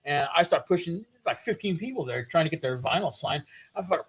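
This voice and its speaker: A man's voice: a little high, animated, fairly quick, slightly rough. A middle-aged man telling stories as a podcast guest in casual chat. He rambles and swears constantly as he talks. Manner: profane, rambling, heavy swearing. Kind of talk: casual storytelling.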